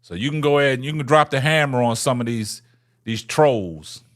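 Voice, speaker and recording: At a moderate pace, a male livestream host with a mid-range, fairly bright voice banters with his chat on a casual stream. He teases viewers, repeats lines, and ends many of them with "man."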